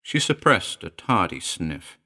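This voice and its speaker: A man reading narration in a story, with an expressive storytelling delivery. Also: deep voice, unhurried. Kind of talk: scripted audiobook narration.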